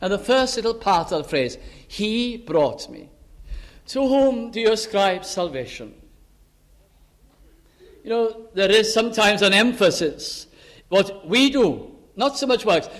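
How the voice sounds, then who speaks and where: A man preaching a sermon on a psalm, swinging from urgent raised pleas to hushed low asides and quoting scripture in old-fashioned wording.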